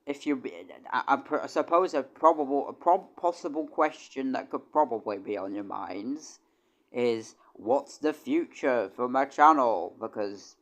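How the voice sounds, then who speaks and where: A man's voice: mid-range voice, unhurried, fairly bright tone. A young man, chatting casually on a livestream, rambling with stammered restarts and casual swearing. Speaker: streamer and composer.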